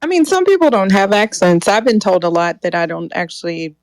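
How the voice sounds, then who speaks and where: Gravelly-voiced woman in chatty banter. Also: mid-range voice, expressive, brisk, slight background noise. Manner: chatty and joking, laughs often. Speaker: podcast co-host. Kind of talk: casual debate chat.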